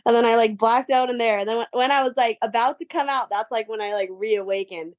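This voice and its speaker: High-voiced, bubbly young woman from Hawaii. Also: fast, muffled recording. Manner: animated, bubbly, heavy use of "like". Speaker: guest, pro surfer. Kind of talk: casual storytelling.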